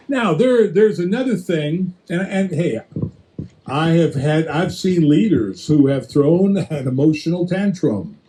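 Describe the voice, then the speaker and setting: A man preaching in a conversational Bible-teaching style, addressing listeners directly with quick restarts and acted-out asides. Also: on the high side, dark tone, low-quality recording.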